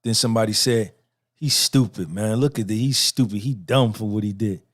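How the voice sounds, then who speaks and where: A man's voice: fairly low pitch, normal speed. A middle-aged man hosting a podcast, giving a profane, repetitive motivational monologue and talking back and forth with himself. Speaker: podcast host.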